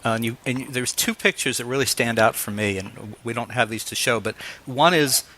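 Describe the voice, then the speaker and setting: A man in his fifties hosting an interview, telling stories in a casual, animated way and acting out the voices he quotes. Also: medium pitch, fairly quick. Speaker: interviewer host.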